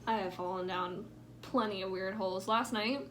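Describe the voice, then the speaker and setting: A woman's voice: mid-range voice, fairly even intonation, moderate pace, a bit bright, a little hiss or hum. A young woman chatting in a rambling, filler-heavy way while doing her makeup at home, sometimes dropping into a whisper. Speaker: vlogger. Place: indoors at home.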